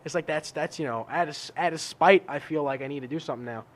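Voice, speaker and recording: Fast-talking man telling animated stories. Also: fairly high pitch. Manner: animated storyteller, acts out his own outbursts, swears freely. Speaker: podcast co-host. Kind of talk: casual chat.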